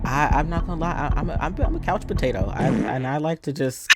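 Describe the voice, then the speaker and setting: A man's voice: a little high, lively intonation, fast. Giggly male interviewer over music. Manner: giggly, loose and rambling. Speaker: interviewer and show host. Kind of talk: casual interview questions.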